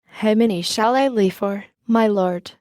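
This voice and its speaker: A bustling young tavern maid speaks brisk and eager in an audiobook, voiced by a woman narrator. The tone is mellow, and the recording is close and dry. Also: medium pitch, no echo, lightly acted.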